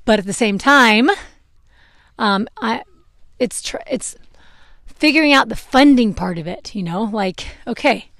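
Grooming her horse outside, a young woman vlogger talks a little slowly in a fairly high, bright voice with lively intonation. She chats casually, rambles a bit, and laughs off her slips. A clip-on mic gives clean sound with no room echo.

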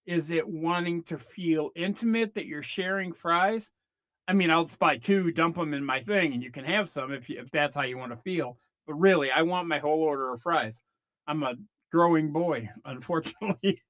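A man's voice: fairly high pitch, normal speed, a bit bright. A man hosts his comedy podcast with a rambling rant full of restarts and exaggerated impressions. He talks into a close mic. The sound is dry, with no room echo at all. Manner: rambling, self-interrupting rant with mock voices. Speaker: podcast host. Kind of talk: comedic monologue.

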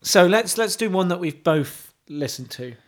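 A man co-hosting a podcast, chatting jokily and reciting song lyrics in a mocking deadpan. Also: high voice, normal speed. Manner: jokey, sarcastic, breaks into deadpan sung-spoken lyrics. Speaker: podcast co-host. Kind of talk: casual chat, mock-singing lyrics. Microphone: studio mic.

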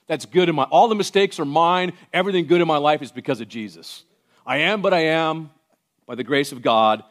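A man preaching a sermon to his congregation. He moves between hushed, intimate passages and loud, emphatic ones, with conversational joking asides. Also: fairly high pitch, brisk. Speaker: pastor.

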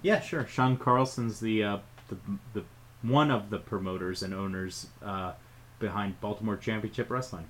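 A man co-hosting a podcast in casual chat. His voice sits somewhat low. He rambles in a laid-back, playful way as he trades jokes. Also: moderate pace, fairly bright tone, rough recording. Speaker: podcast co-host.

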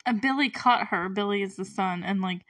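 A woman's voice: mid-range voice, fairly bright tone, no room sound, far from the mic. A young woman hosting a podcast, recapping a movie in a rambling, chatty way with frequent laughs and puzzled asides. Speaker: podcast host.

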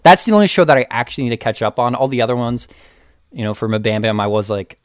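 A man's voice: medium pitch, fast, dry recording, clean studio sound. A young man co-hosting a podcast, chatting casually and rambling with frequent restarts. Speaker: podcast co-host. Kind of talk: casual chat.

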